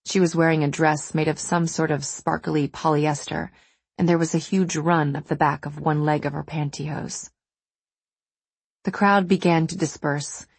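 A woman narrating an audiobook in a measured, even reading manner. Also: deep voice, breathy edge, no room sound. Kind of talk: scripted narration.

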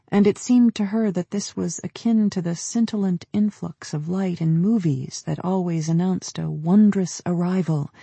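Gravelly audiobook narrator, man. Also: sits high, warm tone, no echo. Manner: measured, descriptive storytelling. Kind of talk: scripted narration.

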